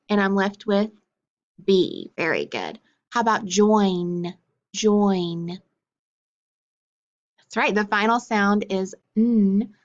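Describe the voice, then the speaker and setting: A woman teacher leading a phonics lesson for young learners, clearly sounding out words and letters. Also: mid-range voice, highs cut off.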